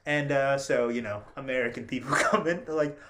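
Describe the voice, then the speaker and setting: A man's voice: medium pitch, a little fast, heavy background noise. A man hosting a podcast, telling stories in casual chat, acting out quotes and laughing often. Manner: animated storyteller, laughs often, acts out quotes. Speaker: podcast host.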